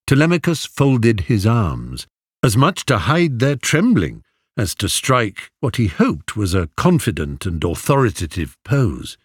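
A man narrating an audiobook in a measured, expressive reading, recorded close. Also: lowish voice, husky, dry recording. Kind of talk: audiobook storytelling.

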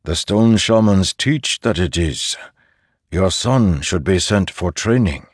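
A man doing a kindly, measured farmer. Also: low voice, lively intonation, slightly rough, no room sound, studio quality, heavily acted. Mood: calm. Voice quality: kindly, soft voice. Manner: slow, measured and reassuring. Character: calm middle-aged male farmer overseer, kindly but firm.

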